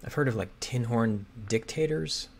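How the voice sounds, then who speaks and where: Slowly reading crossword clues aloud, a man mutters and hesitates over possible answers as he thinks through the puzzle. His medium-pitched voice is creaky. There's slight background noise along with typing and clicking on a keyboard.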